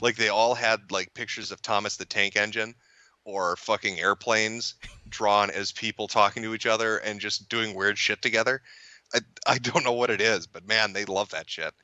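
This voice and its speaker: Male commentator, low-pitched with a sharp, bright tone, casual profane rambling, dry close sound. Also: fairly even intonation, normal speed, no room sound, muffled recording. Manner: rambling, profane, frequent restarts. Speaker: internet video commentator. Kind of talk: casual podcast chat.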